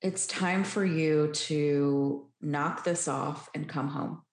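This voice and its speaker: A woman quoting a gentle divine inner voice, soft and pleading. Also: low voice, steady tone, slow. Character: gentle divine inner voice calling her home. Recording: roomy echo.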